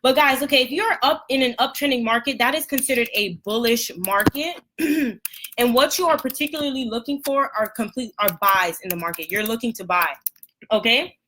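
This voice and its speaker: A young woman with a scratchy throat teaching trading basics on a live stream, chatty and apologetic, clearing her throat often. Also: on the high side, normal speed, pushed and bright. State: hoarse, throat irritated after a run. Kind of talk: casual live lesson.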